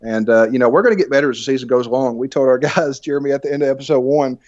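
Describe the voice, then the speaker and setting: Fast-talking Alabama man with a deep drawl. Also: a little mellow, no room sound, dull audio. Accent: Southern US, Alabama. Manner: fast, chatty, laughs often. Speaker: guest podcast co-host. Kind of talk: casual chat.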